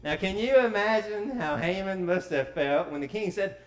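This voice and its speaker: A male preacher retells a story for his congregation, lively and quick to throw questions out to the pews. His voice sits high, and it rings around a roomy church sanctuary. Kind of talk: storytelling sermon.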